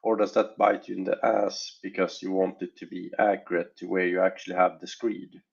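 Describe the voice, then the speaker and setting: Gravelly husky man developer, lo-fi. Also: low-pitched, flat delivery, brisk. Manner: thoughtful, hesitant, weighing options aloud. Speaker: game developer. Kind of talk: casual interview talk.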